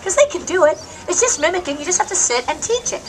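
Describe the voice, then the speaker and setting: A woman's voice: extremely high pitch, sing-song, fast. A woman hosting a live animal stage show, cracking self-mocking jokes to the audience. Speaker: bird show host and trainer. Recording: loud noisy live show recording.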